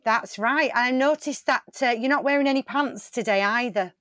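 A woman's voice: a little high, moderate pace, a bit bright, dry recording, studio quality, lightly acted. A woman improvising a bossy veteran baker who confidently makes up facts and swears. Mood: cocky. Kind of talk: improv comedy scene.

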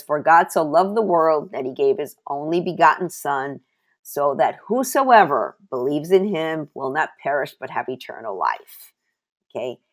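A woman giving a devotional Bible teaching, mixing scripture reading with her own testimony and repeating key phrases for emphasis. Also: sits low.

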